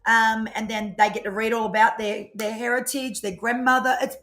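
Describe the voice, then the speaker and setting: A woman's voice: on the high side, normal speed. Chatty woman, rambling. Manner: chatty, rambling, animated storytelling. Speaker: tarot reader co-host. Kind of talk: casual live-stream chat.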